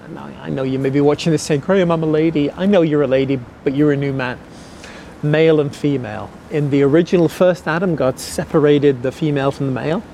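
A middle-aged man, preaching a sermon earnestly and slowing down to stress key words. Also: a little high, gravelly, dark tone, slight background noise. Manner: earnest, repeats key phrases slowly for emphasis. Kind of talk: sermon teaching.

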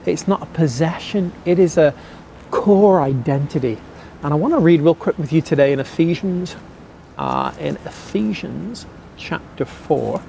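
A middle-aged man, preaching a sermon earnestly and slowing down to stress key words. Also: on the high side, sing-song, gravelly, warm tone, a little hiss or hum. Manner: earnest, repeats key phrases slowly for emphasis. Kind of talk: sermon teaching.

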